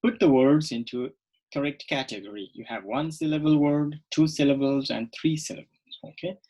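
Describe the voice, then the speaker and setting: Male teacher, recorded video lesson; husky, mid-pitched, patient and repetitive delivery. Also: dark tone, low-quality recording. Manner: slow, repetitive, checks in with "okay?". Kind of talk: recorded online English lesson.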